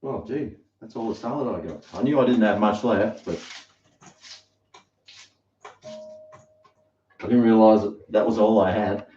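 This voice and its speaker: A man's voice: on the low side, measured pace, long pauses, mellow, slight background noise. An Australian man chatting casually to his live-stream viewers in a rambling, storytelling way, at home in his kitchen. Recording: roomy, dull lo-fi sound.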